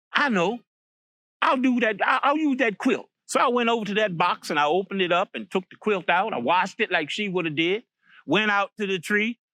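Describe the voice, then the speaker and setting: A man's voice: high voice, pushed and bright, dry recording, studio quality. A man from Virginia telling a folk story aloud, in a folksy way with many repeated words and restarts. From Virginia, USA.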